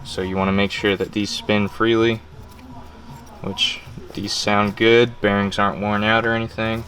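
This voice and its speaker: A young man in a garage explaining car parts in a slow, easygoing, joking way. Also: lowish voice, flat delivery, fairly bright tone. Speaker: car mechanic. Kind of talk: casual shop talk. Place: car workshop. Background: music.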